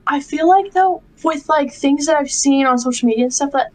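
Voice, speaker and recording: A woman's voice: sits high, brisk, a little mellow, low-quality recording. A young adult woman co-hosting a podcast, rambling in casual chat with lots of fillers. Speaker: podcast co-host.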